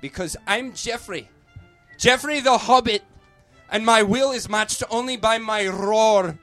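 A man's voice: sits high, unhurried, fairly bright tone, faint music behind, voice pushed up. A man voicing a boastful male hobbit with a put-on Scottish accent, in a theatrical, bellowing delivery. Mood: grandiose.

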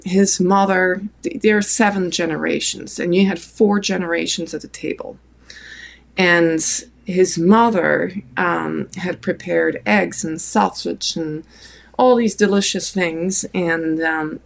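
A woman from France with a French accent, a podcast guest telling a long personal story in a relaxed way, with many fillers. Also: lowish voice, slow pace, gravelly, a little hiss or hum.

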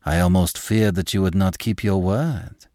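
A man's voice: sits low, steady tone, moderate pace, no room sound, clean studio sound, natural voice. A man voicing a tender aristocratic lady. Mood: gentle. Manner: soft, tender and gently coaxing. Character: gentle, affectionate noblewoman, older aristocratic lady.

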